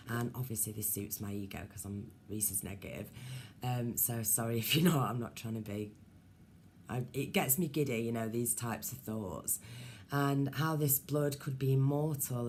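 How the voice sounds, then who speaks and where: A woman's voice: rumbling low, a little mellow, a little hiss or hum. A woman vlogger rambling casually to her viewers, musing aloud with many ums and asides.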